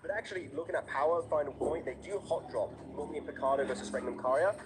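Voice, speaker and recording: A man casting live esports, giving quick and energetic match analysis. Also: on the high side, poor audio. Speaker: esports caster.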